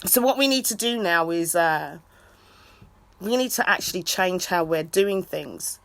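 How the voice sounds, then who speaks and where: A woman in a rambling live video chat. She rants and shouts out to friends in an excitable way. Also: lowish voice, unhurried, gravelly, no room sound. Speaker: vlogger.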